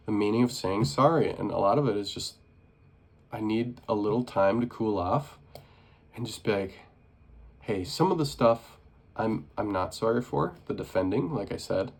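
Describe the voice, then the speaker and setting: A young man speaks in a casual personal vlog, his voice on the low side with a gravelly fry. He rambles earnestly, circling back and restarting his sentences. The talk is loose and unscripted. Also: a little mellow. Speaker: vlogger.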